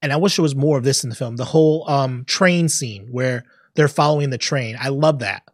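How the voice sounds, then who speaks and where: A man's voice: mid-range voice, a little fast, no echo, clean studio sound. A man co-hosting a casual movie podcast, acting out his reactions as he talks. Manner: animated, acts out his own reactions. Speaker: podcast co-host. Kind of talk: casual chat.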